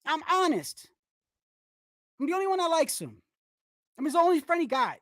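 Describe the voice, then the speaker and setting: A woman's voice: extremely high pitch, very animated, moderate pace, no echo. A woman hosting a live boxing commentary stream, ranting bluntly with frequent swearing and restarts.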